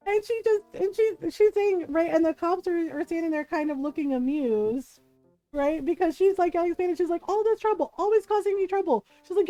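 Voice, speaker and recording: High-voiced woman telling a lively story. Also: no echo. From Filipino family. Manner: animated anecdote with quoted voices and laughter. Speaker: streamer. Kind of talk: casual storytelling.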